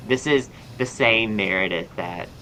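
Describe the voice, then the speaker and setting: A young man with a soft Southern American drawl talks like a podcast host, rambling cheerfully. His voice is bright and forward. Faint background noise sits under the recording. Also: on the low side, unhurried, poor audio. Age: young adult. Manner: chatty, upbeat, rambling with fillers. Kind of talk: casual chat.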